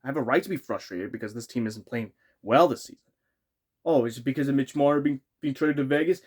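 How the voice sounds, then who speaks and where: A man's voice: mid-range voice, fast talker, darkish tone. A young man ranting as a frustrated sports fan vlogger, exasperated and repeating himself.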